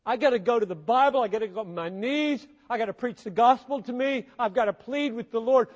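A man preaching a sermon with passion, swinging between quiet, measured stretches and loud, emphatic bursts. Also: very high voice, expressive, lo-fi sound. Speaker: pastor. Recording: long hall reverb.

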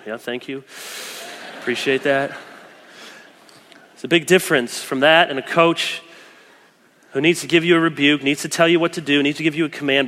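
A man preaching a sermon as pastor, animated, swinging between loud emphasis and soft, gentle quoted asides. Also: fairly high pitch, a little fast, pauses often. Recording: long echoey church hall.

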